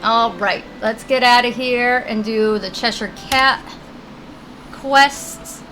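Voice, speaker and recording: A woman's voice: fairly high pitch, slow pace, sharp tone, slight background noise, rough recording. Chatty woman game streamer. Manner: chatty, talks to her puppies between game lines. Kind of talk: casual live-stream chat.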